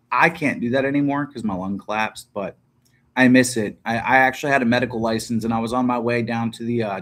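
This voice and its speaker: A man's voice: medium pitch, fairly bright tone. A man in his thirties hosting a casual livestream, chatting bluntly and rambling with plenty of profanity. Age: 30s. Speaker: livestream host.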